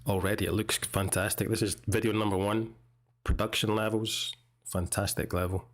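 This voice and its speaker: A man from Scotland with a Scottish accent, teaching English in a relaxed, chatty way as he comments on a video. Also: lowish voice, normal speed, a little hiss or hum. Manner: relaxed, chatty, explains pronunciation.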